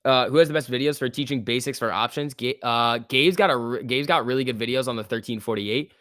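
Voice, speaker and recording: A man's voice: medium pitch, a little fast, sharp tone. A man hosts a live stock trading stream, commenting casually on price moves and reading viewer questions aloud. His talk is loose and full of fillers like "like" and "um". The sound is dry, with no room echo. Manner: loose and chatty, with many fillers like "like" and "um"; reads viewer questions aloud and answers them. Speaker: stock trading livestream host. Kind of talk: casual live market commentary, answering chat.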